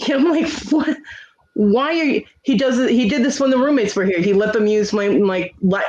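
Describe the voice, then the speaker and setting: Brief: high-pitched man, livestream host, swears freely while airing grievances, dull lo-fi audio. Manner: profane, aggrieved venting. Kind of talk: casual livestream chat.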